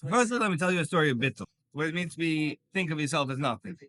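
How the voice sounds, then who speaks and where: Brief: male rabbi teaching a class, high and bright voice, animated storyteller who acts out each character. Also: fast talker, no room sound.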